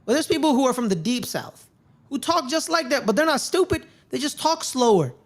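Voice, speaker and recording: A woman's voice: high voice, expressive, a little fast. A woman co-hosting a casual movie review podcast, pressing her point insistently in a friendly debate. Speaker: podcast co-host.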